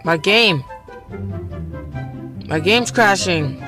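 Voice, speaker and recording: A man's voice: high voice, animated, drawn-out words. A man hosting a gaming video, chatting casually and reacting aloud as he plays. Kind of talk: casual gameplay commentary. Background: game music.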